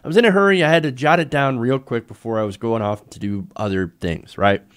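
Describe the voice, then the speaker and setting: A man's voice: mid-range voice, brisk, pitched below the performer's own voice, lightly acted. A man mocking a defensive doctor who insists on his excuses in a flustered manner.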